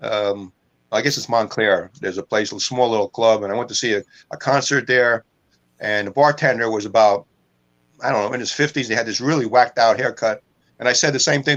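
A man on a podcast spinning loose, winding stories about ribbing strangers, chuckling at his own punchlines. His voice sits at an ordinary middle pitch. The recording has a slightly dull, lo-fi sound. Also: fast talker, fairly bright tone. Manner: rambling storyteller who laughs at his own jokes. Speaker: co-host. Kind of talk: casual podcast chat.

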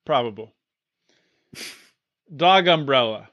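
A man's voice: mid-range voice, expressive, slow, no room sound. A man hosting a casual podcast, exasperated and swearing casually as he runs through items. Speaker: podcast host. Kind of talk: casual chat. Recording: dry, dull-sounding mic.

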